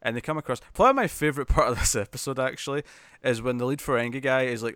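A man's voice: medium pitch, fast talker, a bit bright, smooth, no room sound, studio quality. A man chatting casually as a podcast co-host, laughing and acting out characters' lines as he recaps an episode.

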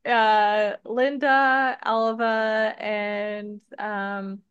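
A woman's voice: mid-range voice, flat delivery, extremely slow, fairly bright tone, clear, resonant tone, dry recording. A woman in a casual movie discussion, hesitant and stammering, laughing as she talks. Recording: dull, dry sound.

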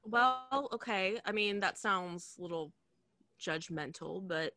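Bright-voiced woman improvising comedy. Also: mid-range voice, expressive, takes it slowly, dry recording. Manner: mock-naive, playful. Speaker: improv performer.

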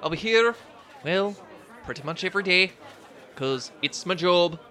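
A man's voice: high-pitched, animated, a little slow, sharp tone, a faint crowd, pitched above the performer's own voice, full character voice. A man doing a cheery halfling girl. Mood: breezy.

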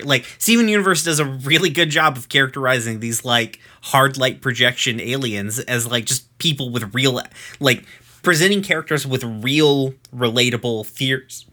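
A man in his thirties talks loosely through an episode recap, and his voice has a bright, forceful edge. He rambles and swears freely, with plenty of fillers and restarts. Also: mid-range voice, normal speed. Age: 30s. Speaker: podcast host recapping episodes. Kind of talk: casual chat.

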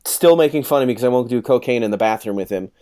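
A man's voice: medium pitch, fast talker. A man in his thirties telling a rowdy story in casual chat, swearing freely and acting out what others said. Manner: profane, animated storyteller acting out quotes.

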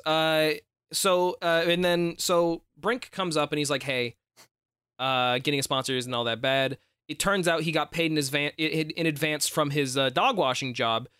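A man's voice: on the high side, a bit bright, clear, resonant tone, dry recording, studio quality. A man co-hosting a podcast, recapping a movie in casual chat, rambling with restarts and casual swearing. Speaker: podcast co-host.

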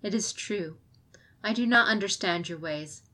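A woman voicing a grieving, ashamed noble wife who speaks softly and hesitantly in an audiobook. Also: mid-range voice, measured pace. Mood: sorrowful.

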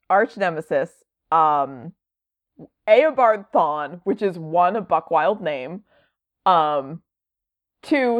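A woman's voice: on the low side, no room sound, dull audio. A woman chatting casually, rambling with lots of fillers and wry asides. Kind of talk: casual chat.

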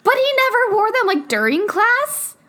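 A woman's voice: very high voice, big pitch swings, moderate pace, pushed and bright. A young woman recapping a movie in casual chat with a friend, laughing often and swearing in mock outrage.

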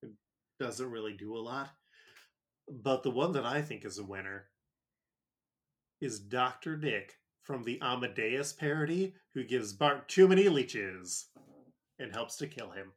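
A man's voice: mid-range voice, expressive, unhurried, pauses often. A man co-hosting a casual comedy podcast, enthusiastic and joking, with profanity thrown in. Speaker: podcast co-host.

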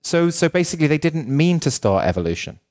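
Man firing off animated rhetorical questions. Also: fairly high pitch, quick pace. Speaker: podcast co-host. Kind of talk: casual chat.

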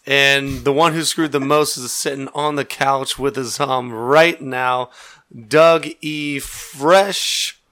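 Bright-voiced man hosting a podcast. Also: mid-range voice, steady tone, slow. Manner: joking, teasing. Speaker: podcast host. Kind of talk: casual podcast banter.

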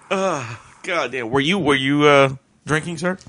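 A man co-hosting a comedy podcast, tossing in teasing jokes and quick interjections. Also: a little high, a bit bright, dry recording. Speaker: podcast co-host. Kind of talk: casual banter.

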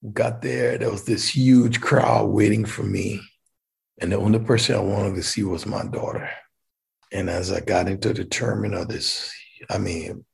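A man's voice: fairly low pitch, creaky, breathy edge. A man from Liberia, animatedly telling a personal story and acting out the dialogue.

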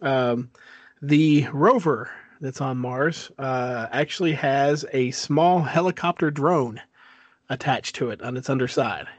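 Halting male co-host telling a story. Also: medium pitch, no echo, highs cut off. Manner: halting, full of fillers and restarts, storytelling. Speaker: podcast co-host. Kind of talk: casual chat.

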